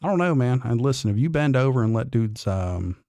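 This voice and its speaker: A gravelly, dark-toned man chats on a morning livestream, reading comments aloud. He is blunt, profane and defiant, drawling through false starts, and his voice sounds close and dry. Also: medium pitch, big pitch swings, brisk, no room sound. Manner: drawling, with restarts. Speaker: livestream host.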